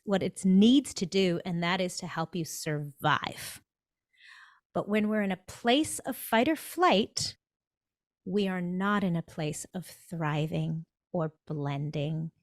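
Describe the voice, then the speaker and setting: A woman speaking as a dentist guest on a podcast, emphatic and animated, stressing her points with repetition. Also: medium pitch, no echo, studio quality. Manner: emphatic, animated, acts out inner thoughts. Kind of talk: motivational conversational talk.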